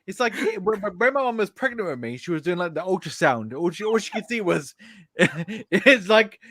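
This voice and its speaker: Lively high-voiced man rambling. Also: normal speed, dry recording, clean studio sound. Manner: rambling, jokey storyteller who laughs mid-sentence. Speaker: podcast panelist. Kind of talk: casual group chat.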